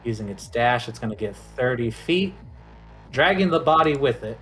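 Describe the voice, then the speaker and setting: Halting male game master over music. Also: mid-range voice. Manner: relaxed, halting, with fillers and restarts. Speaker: dungeon master. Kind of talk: narrating a tabletop game.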